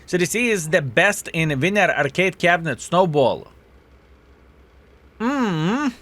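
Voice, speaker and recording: Man, game streamer, live commentary, swears often, reads chat, high-ish pitch, bright forceful tone. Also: normal speed. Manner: swearing, excitable, greets chat viewers.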